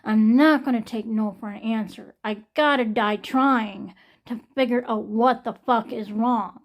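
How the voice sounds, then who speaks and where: A young woman talks straight to her viewers in a raw, emotional vlog, her voice sitting a little high. She is shaking from pain and close to tears, venting hard with frequent swearing. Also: measured pace. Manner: distressed, venting, swearing often. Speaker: vlogger.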